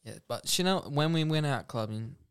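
A young Australian man co-hosting a casual podcast, retelling a story in an animated way with quick restarts. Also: on the high side, clear, resonant tone. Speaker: podcast co-host. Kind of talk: casual chat among friends.

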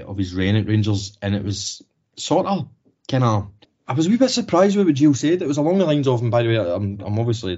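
A man's voice: on the low side, dark tone. A Scottish man co-hosting a football podcast, talking casually, swearing freely and restarting to stress his points. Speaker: podcast co-host. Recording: slightly dull lo-fi podcast audio.

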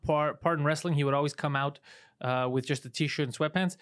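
A man hosting a podcast, teasing his guests in quick casual banter. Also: fairly high pitch, steady tone, a bit bright, clean tone. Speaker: podcast host.

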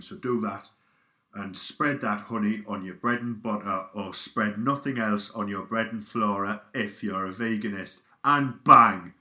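A man voicing a hairy, gruff male Geordie biker cook with a Geordie accent, giving a deadpan comic recipe demonstration in an echoey recording. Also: fairly low pitch. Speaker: recipe presenter. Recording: echoey, sounds like a station tannoy.

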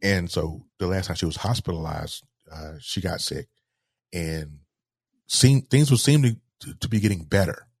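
A man with a low, husky voice talks slowly and haltingly, circling back over his words. The sound is close and dry. He speaks in a heartfelt interview. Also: no echo. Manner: halting, repeats words, grieving tone. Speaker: guest. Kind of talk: emotional interview storytelling.

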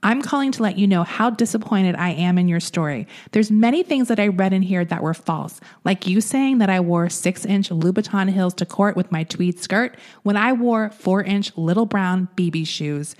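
A woman's voice: mid-range voice, normal speed, few pauses, darkish tone, close to an everyday voice. A woman reading as an upset young woman on voicemail. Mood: complaining.

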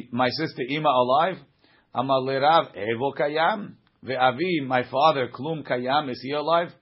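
A man's voice: mid-range voice, breathy edge. A man teaching a Talmud class, reading lines aloud and explaining them in plain conversational English. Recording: dull lo-fi classroom recording.

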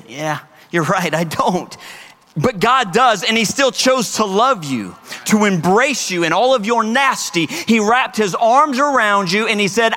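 High, bright-voiced energetic male preacher. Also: normal speed. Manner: energetic preaching with playful put-on voices and sudden shouts. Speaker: pastor. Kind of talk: sermon.

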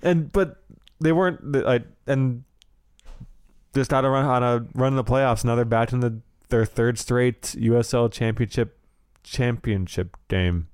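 Male podcast co-host, smooth clear voice, dry close sound, wry banter. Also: mid-range voice, unhurried, a little mellow, dry recording. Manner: wry, laughing, dry humor. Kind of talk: casual soccer podcast chat.

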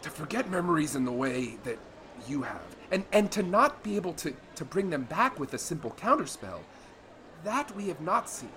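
A man's voice: fairly high pitch, sing-song, normal speed, slight background noise. Man playing an ancient wary magical being. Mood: uneasy. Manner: hushed, hesitant.

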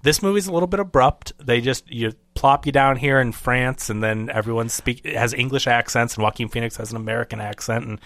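A man's voice: mid-range voice, fairly quick, few pauses, a bit bright, no echo. Rambling man on a dry mic. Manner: rambling, acts out quotes in funny voices. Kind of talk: casual chat.

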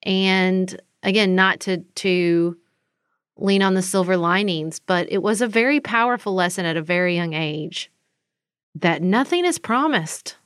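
A woman co-hosting a podcast, speaking slowly and earnestly in reflective chat. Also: lowish voice, fairly bright tone, smooth, no echo, studio quality. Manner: slow, earnest, thoughtful. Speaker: podcast co-host.

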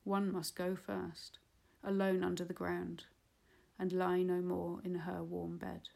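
Flat, gravelly woman reading a novel. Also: fairly low pitch. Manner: measured, unhurried reading. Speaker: audiobook reader. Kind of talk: literary audiobook narration.

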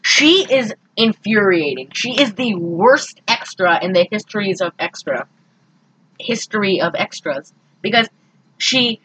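A woman co-hosting a casual podcast, recapping a movie in an animated, exasperated way. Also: medium pitch, measured pace, a little hiss or hum, poor audio. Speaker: podcast co-host.

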